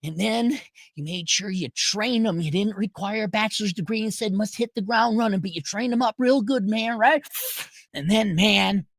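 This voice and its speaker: A man's voice: sits high, normal speed, gravelly, fairly bright tone, no echo, clean studio sound. A man hosting a show, delivering a profane, sarcastic ranting monologue. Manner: sarcastic, swears a lot. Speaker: podcast host.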